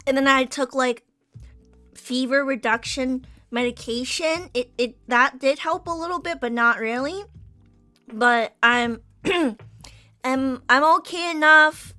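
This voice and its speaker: Bright-voiced young woman streamer, rambling. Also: high voice, measured pace, dry recording, soft background music. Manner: rambling, many restarts, casual swearing. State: recovering from illness. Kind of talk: casual chat while drawing.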